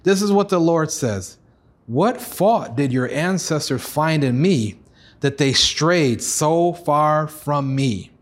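Earnest male pastor preaching. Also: slow pace. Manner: earnest preaching, acts out God's pleading voice, rises high for excited lines. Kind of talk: sermon.

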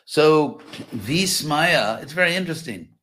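A man giving a scripture class, explaining Sanskrit verse word by word in a thoughtful, unhurried way. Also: on the high side, animated, a bit bright. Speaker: scripture teacher.

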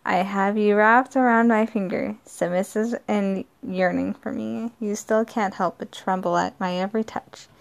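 Woman voicing a teasing, dominant lover in a read-aloud story; mid pitch, faint fry. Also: fairly even intonation, normal speed, few pauses, natural voice. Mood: smug teasing.

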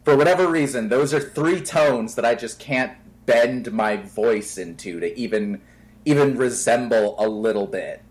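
An animated man co-hosting a podcast, playful and quick to tease. He talks in a loose, conversational way, breaking into voices now and then. His voice sits in a middle pitch. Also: low-quality recording. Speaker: podcast co-host. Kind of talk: casual chat.

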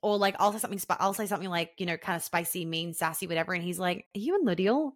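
A woman's voice: fairly low pitch, level tone, racing, fairly bright tone, no room sound, clean studio sound. A young woman talking casually and frankly on a podcast, acting out the voices of people she quotes. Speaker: podcast guest.

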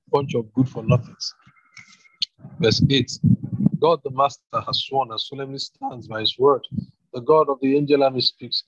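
A man reading scripture aloud at a brisk, hurried pace. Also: medium pitch, breathy edge, no room sound, dull audio. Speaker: scripture reader.

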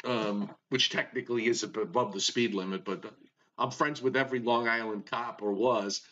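A man co-hosting a weather show, chatting casually in a relaxed, halting way with many restarts. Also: medium pitch, slight background noise. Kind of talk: casual chat. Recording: dull lo-fi sound.

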